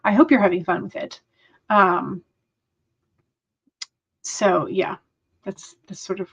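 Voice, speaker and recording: A woman's voice: medium pitch, steady tone, slow pace, long pauses, breathy edge. A young woman hosting a writing livestream, chatting casually with many fillers and small laughs. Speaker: writing sprint livestream host. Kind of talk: casual chat to live viewers. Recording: dull lo-fi sound.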